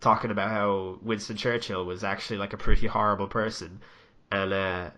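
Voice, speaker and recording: This fairly quick, fairly low-pitched young man co-hosts a podcast, tearing through casual talk in an animated rant full of swearing.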